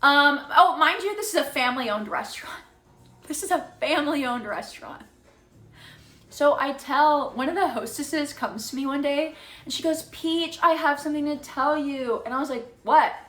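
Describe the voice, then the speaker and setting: A young woman from Texas tells a wild personal story in a casual stream, swearing freely and jumping into the voices of the people she quotes. Her voice sits high and sounds bright and forward. The room gives it a noticeable echo, with faint music underneath. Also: normal speed. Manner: animated, swearing, dramatic retelling with quoted voices.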